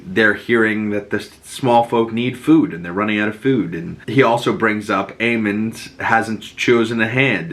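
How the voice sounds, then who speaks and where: A man's voice: lowish voice, fairly bright tone. A young man hosting a podcast, recapping a TV episode in a loose, profane, filler-heavy casual way. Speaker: podcast host.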